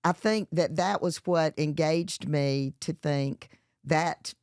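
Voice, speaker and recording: A middle-aged chef and entrepreneur with a Southern US accent speaks slowly in a low, darkish, clean voice, recorded in a clean studio with no room sound. As an interview guest she chats casually, with many fillers and restarts.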